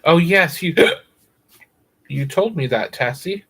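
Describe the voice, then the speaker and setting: A man's voice: on the high side, expressive, takes it slowly, a bit bright, husky, low-quality recording. A man hosting a casual livestream, chatting with viewers and repeating words over and over for crude, silly jokes. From United States. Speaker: livestream host.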